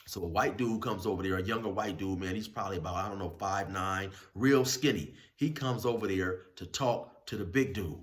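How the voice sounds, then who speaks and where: Low-voiced man, laid-back host spinning a rambling story in street slang. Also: a little fast, few pauses. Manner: rambling, loose street slang, many fillers and restarts. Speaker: channel host telling prison stories. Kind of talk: casual spoken storytelling.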